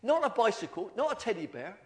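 A middle-aged man delivers a sermon with earnest feeling, sometimes tripping over his words and starting again. His voice sits somewhat higher than most men's. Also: very animated, darkish tone. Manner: earnest, halting with repeated restarts. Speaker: pastor.

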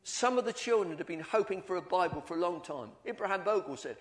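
A middle-aged man delivers a sermon with earnest feeling, sometimes tripping over his words and starting again. His voice sits somewhat higher than most men's. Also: lively intonation. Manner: earnest, halting with repeated restarts. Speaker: pastor.

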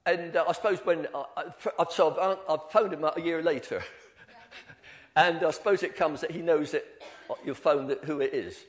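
An older man giving an informal, animated church talk, telling stories about himself with many restarts. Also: a little high, normal speed. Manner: animated storytelling, self-deprecating, many restarts. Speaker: lay preacher.

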